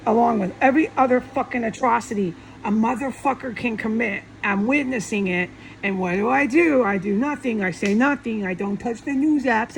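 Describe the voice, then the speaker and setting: A woman's voice: fairly high pitch, moderate pace, creaky, hardly any pauses, slight background noise, rough recording. A woman talking alone in an angry, profane, repetitive monologue, speaking to viewers from her home. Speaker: vlogger.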